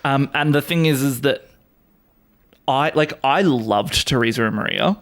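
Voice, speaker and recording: A man's voice: mid-range voice, measured pace, a bit bright. Mid-voiced male co-host, gushing and blunt, casual swearing. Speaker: podcast co-host. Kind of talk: casual chat.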